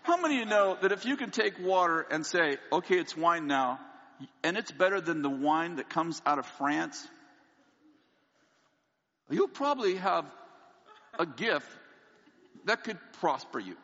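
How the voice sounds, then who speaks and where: Lively storytelling preacher in a hall. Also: male voice, high voice, unhurried, long pauses. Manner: animated storyteller, acts out dialogue, laughs often. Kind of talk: sermon with a humorous personal story. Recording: long hall reverb, dull lo-fi sound.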